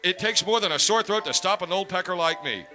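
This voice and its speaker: A man voicing an old male rooster with a sore throat, talking in a gruff, folksy, bragging way. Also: sits high, expressive, a little fast, loud music behind the voice. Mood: boastful.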